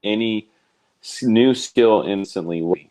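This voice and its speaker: A man hosting a casual interview, talking in a relaxed, rambling and self-deprecating way. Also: on the low side, measured pace. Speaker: podcast host.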